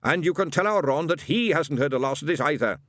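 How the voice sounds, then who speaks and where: Give me a man voicing an indignant middle-aged woman, huffy and high-pitched. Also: lively intonation, fairly quick, fairly bright tone, no echo, studio quality. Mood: testy. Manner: testy, huffy.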